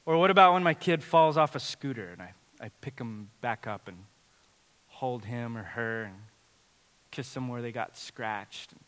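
A man in his thirties preaching a sermon as a dad telling family stories, animated and swinging from loud to hushed. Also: medium pitch, normal speed. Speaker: pastor. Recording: long hall reverb.

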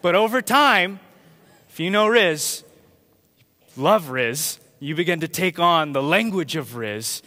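A man preaching a sermon to his church in a conversational, storytelling way, getting animated when he imitates others. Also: on the high side, slow pace, big-room sound. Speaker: pastor. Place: church sanctuary.

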